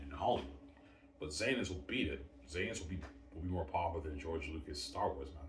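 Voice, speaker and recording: A man's voice: low voice, expressive, a little fast, fairly bright tone, a little hiss or hum. A man hosting a casual solo livestream, boasting over and over and calling out to his viewers. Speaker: livestream host. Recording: roomy, distant mic.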